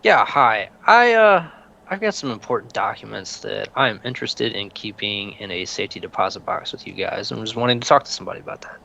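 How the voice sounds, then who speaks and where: A man's voice: fairly low pitch, lively intonation, fairly quick, creaky, pushed and bright, lo-fi sound, a little hiss or hum. A man playing a tabletop game, speaking in character, easygoing and casual. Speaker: player.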